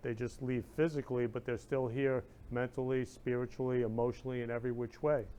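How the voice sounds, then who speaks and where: A man's voice: medium pitch, little pitch movement, a little fast, warm tone, clean tone. A man hosting a live-streamed talk show, emotional and effusive, reading viewer comments aloud and sending love to them. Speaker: show host.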